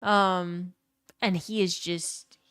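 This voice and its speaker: A woman's voice: lowish voice, fairly even intonation, extremely slow, fairly bright tone, clean tone, no echo, studio quality. A young woman from Louisiana with a New Orleans accent, chatting casually with her stream chat and swearing freely. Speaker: gaming streamer.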